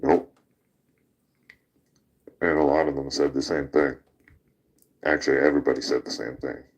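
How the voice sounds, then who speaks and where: Very deep-voiced man telling stories. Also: fairly even intonation, normal speed. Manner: laughs while telling a rowdy bar-fight story, swears freely. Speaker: podcast host. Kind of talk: casual storytelling.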